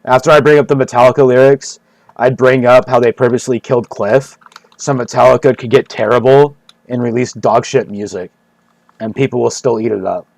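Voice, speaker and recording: A man's voice: medium pitch, steady tone, fairly quick, gravelly, darkish tone, no echo. A man streaming and chatting casually, rambling and joking, repeating himself, swearing and breaking into laughs. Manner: profane.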